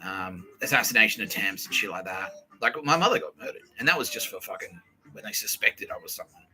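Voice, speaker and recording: A man's voice: fairly low pitch, expressive, brisk, sharp tone, poor audio. A man hosting a podcast, talking in a profane, rambling way and often restarting his sentences. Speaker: podcast host. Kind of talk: casual rambling monologue.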